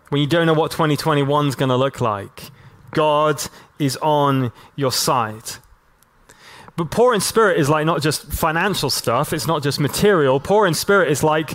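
A man preaching a sermon as a pastor, talking in a relaxed, conversational way with lots of casual fillers and slowing right down to stress key lines. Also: a little high. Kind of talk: sermon to a church and online audience.

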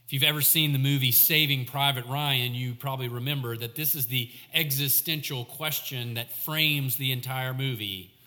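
A man preaching a sermon in a church, measured and reflective, slowing down for emphasis. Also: medium pitch, fairly even intonation, sharp tone, in a large hall. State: coughing, clearing throat.

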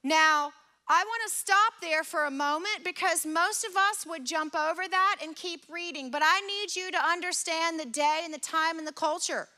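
A woman's voice: very high voice, normal speed, bright, forceful tone. A woman preaching a sermon in an earnest, conversational way, retelling scripture in her own words.

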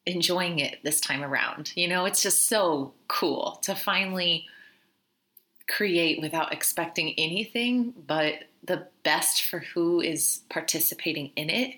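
Bright-voiced woman hosting a podcast. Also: fairly low pitch, measured pace. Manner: candid and heartfelt, swears casually, laughs often. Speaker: podcast host. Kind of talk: casual reflective podcast monologue.

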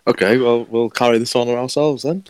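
A man's voice: medium pitch, steady tone, normal speed, dry recording. A man co-hosting a podcast in casual chat, laughing often and correcting himself mid-sentence. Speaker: podcast co-host.

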